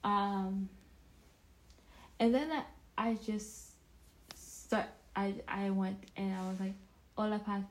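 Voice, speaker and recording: A woman's voice: mid-range voice, flat delivery, takes it slowly, pauses often, slight background noise, low-quality recording. A young woman vlogging casually, telling a self-deprecating story in a rambling, chatty way with many restarts.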